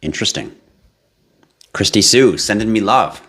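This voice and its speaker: A man hosting a live stream, reading viewer comments in a casual, animated way, laughing and swearing now and then. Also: moderate pace. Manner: animated, laughs and swears, jumps to high yelps for effect. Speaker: livestream host.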